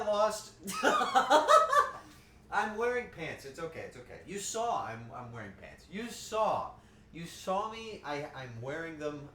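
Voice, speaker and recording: A man's voice: fairly high pitch, a bit bright, distant mic, slight background noise. A man chatting casually while cooking live on stream in his home kitchen, rambling and joking, laughing easily and swearing now and then. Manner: rambling, jokey, quick to laugh. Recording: echoey kitchen, voice from afar.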